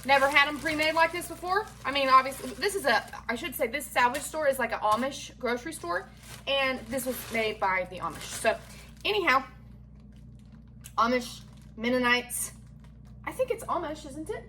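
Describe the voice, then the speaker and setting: A woman's voice: high voice, animated, normal speed, pushed and bright, a little hiss or hum. A woman, a chatty, folksy mother talking through a casual home cooking vlog in her kitchen with self-deprecating humor. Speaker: home cook vlogger and mother.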